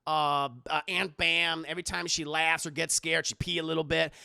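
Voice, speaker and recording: A man's voice: fairly high pitch, normal speed, vocal fry, clean tone, no room sound, studio quality. A man streaming a casual, profane film recap, talking to his chat with lots of energy. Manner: animated, profane, talks to chat.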